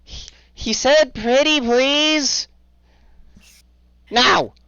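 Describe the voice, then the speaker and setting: A man voicing small giggling male gate-guard creatures that squeal and yell in a frantic panic. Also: extremely high pitch, drawn-out words, smooth, dry recording, muffled recording, pitched above the performer's own voice, heavily acted.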